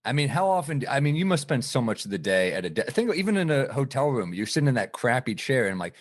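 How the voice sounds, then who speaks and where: A man's voice: medium pitch, big pitch swings, fast, hardly any pauses. A man in his thirties chatting over drinks, self-deprecating, swearing casually and laughing a lot. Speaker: podcast guest.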